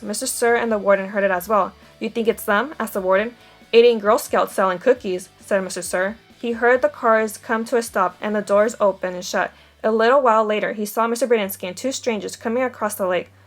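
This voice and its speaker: A woman reading a novel aloud, giving the dialogue light character voices. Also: mid-range voice. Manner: steady storytelling with quoted dialogue. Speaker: audiobook reader.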